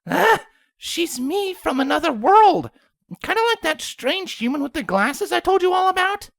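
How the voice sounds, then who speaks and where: A woman voicing a tired, exasperated young female pony princess in a storybook reading, with a deadpan, weary delivery. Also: very high-pitched, normal speed, creaky, no echo, studio quality, voice pushed up, heavily acted.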